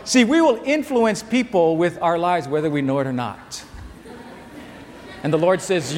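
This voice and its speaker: Emphatic high-voiced man preaching. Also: big pitch swings, normal speed, darkish tone, slight background noise. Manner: emphatic, pointing at listeners. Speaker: pastor. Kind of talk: sermon. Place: large church hall with tent overflow. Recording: long hall reverb.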